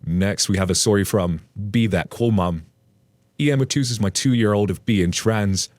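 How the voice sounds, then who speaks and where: A man's voice: fairly low pitch, measured pace, darkish tone, no room sound. A man hosting a channel where he reads online stories aloud and adds blunt, casual commentary with the odd swear word. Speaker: narrator and host.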